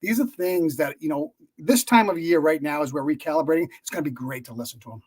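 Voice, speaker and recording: A man's voice: fairly high pitch, fast, darkish tone, husky. A middle-aged man co-hosting a live podcast, friendly and chatty, with frequent fillers. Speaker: podcast co-host. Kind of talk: casual live-stream chat.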